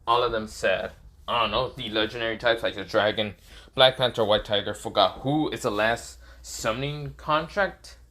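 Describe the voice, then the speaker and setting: Man narrating a fan story off the cuff, bright voice, rambling with fillers and throat clearing. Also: lowish voice, normal speed.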